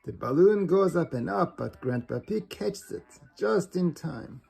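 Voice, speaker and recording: Slow, husky male reader for a kids' storybook, faint music behind. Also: sits high, animated, warm tone. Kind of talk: reading a storybook aloud.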